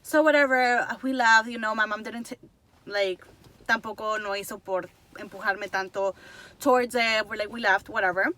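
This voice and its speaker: A young woman in her twenties telling a story to the camera, chatty and fast, slipping between Spanish and English. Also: mid-range voice, fairly even intonation, pushed and bright. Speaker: vlogger.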